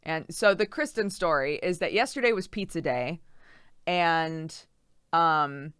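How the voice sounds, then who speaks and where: A woman's voice: sits low, measured pace, a bit bright, clean tone, dry recording, studio quality. A pregnant young woman streamer chatting casually and reading out viewer messages, giggly and rambling with lots of fillers.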